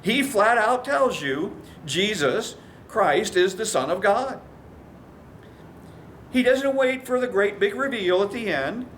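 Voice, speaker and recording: A man preaches slowly in a high, a-bit-bright voice with lively intonation, over slight background noise. He's a pastor telling stories and acting out the voices in them.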